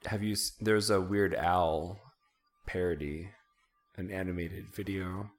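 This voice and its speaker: A man's voice: sits low, fairly even intonation, unhurried. A man co-hosting a podcast, easygoing in casual chat.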